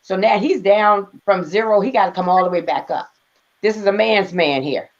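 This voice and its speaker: A woman's voice: mid-range voice, normal speed, dull audio. A woman being interviewed about her husband's illness, speaking earnestly and emotionally and laughing between phrases. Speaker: guest author. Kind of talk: conversational interview.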